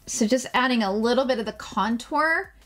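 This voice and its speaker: A woman's voice: on the high side, normal speed, fairly bright tone, soft background music. Gushing, chatty woman beauty vlogger. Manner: chatty and gushing, jokes at herself; casual swearing. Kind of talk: casual makeup tutorial.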